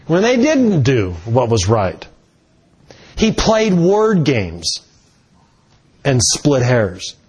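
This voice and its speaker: A man preaching a sermon in a slow, deliberate way, stressing key words with rising emphasis. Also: a little high, husky.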